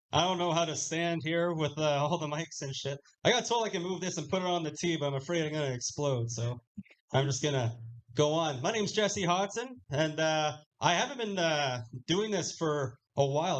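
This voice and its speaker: A young man with a high voice tells jokes at a casual, offhand clip from a small lounge stage. He swears freely and laughs at his own jokes. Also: normal speed, rough recording. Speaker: stand-up comedian. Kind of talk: live stand-up set.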